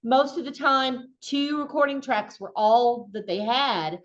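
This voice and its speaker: A woman's voice: sits high, measured pace. A middle-aged woman giving a conversational lecture as an instructor, casual and chatty with frequent ums and restarts. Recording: dull lo-fi recording.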